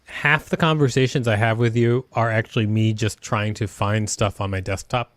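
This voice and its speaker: A man hosting a live-streamed talent show over a video call, halting with many fillers and dry jokes. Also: fairly low pitch, fairly even intonation, no echo.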